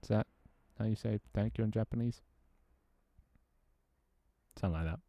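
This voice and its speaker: On the low side and creaky yet mellow, this man's voice moves at normal speed without echo. He's a UK live streamer in a small room at home, chatting casually with frequent grumbling, swearing and laughter.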